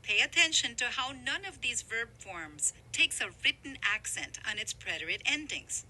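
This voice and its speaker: A woman narrating a scripted grammar lesson, explaining clearly with emphasis. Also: fairly high pitch, expressive, normal speed, pushed and bright, rough recording. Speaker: language instructor.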